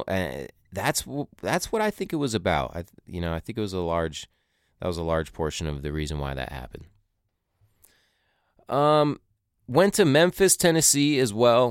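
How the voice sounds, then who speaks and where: A man's voice: low voice, smooth, no room sound, studio quality. A young man telling a rambling, profane story in a casual monologue, with conspiratorial asides. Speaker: podcaster recounting a tour.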